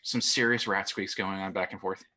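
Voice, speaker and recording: A man playing a tabletop game, describing his character's moves in a halting, casual way. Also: low voice, fairly even intonation, pushed and bright. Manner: halting, full of fillers. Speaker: player.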